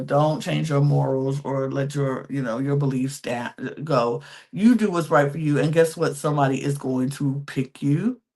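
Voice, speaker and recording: Chatty woman recapping reality TV. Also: low-pitched. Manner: chatty, animated, acts out quotes in little voices; emphatic, repeats words for effect. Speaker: podcast host. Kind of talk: casual reality-show recap.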